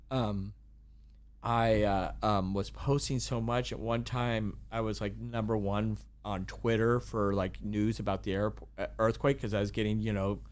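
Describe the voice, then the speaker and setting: A man chatting casually as a podcast guest, rambling with many fillers and restarts. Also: lowish voice. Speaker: guest, kayak tour business owner.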